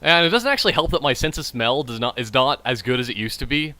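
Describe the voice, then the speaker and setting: Bright-voiced man rambling over gameplay. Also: mid-range voice, quick pace, dry recording. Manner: rambling, jokey, self-mocking; frequent trailing restarts. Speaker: gaming channel host. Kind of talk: casual gameplay commentary while drinking beer.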